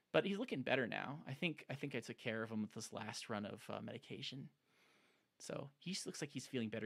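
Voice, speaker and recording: A man's voice: mid-range voice, gravelly, sharp tone. A man chatting casually on a live stream, rambling and enthusiastic, with lots of fillers. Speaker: streamer showing his plant collection.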